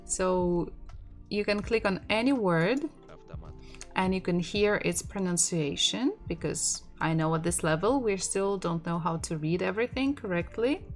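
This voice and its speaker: A young woman with a Russian accent teaching a beginner language lesson, slowly repeating each word for learners to echo. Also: lowish voice, soft background music.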